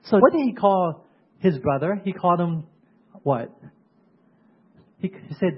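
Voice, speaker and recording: A man delivers a sermon in a husky, fairly high voice, often stopping to put questions to his listeners. The recording sounds dull and lo-fi, with the top end muffled. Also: animated, unhurried, pauses often. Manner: keeps asking the congregation questions. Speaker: preacher.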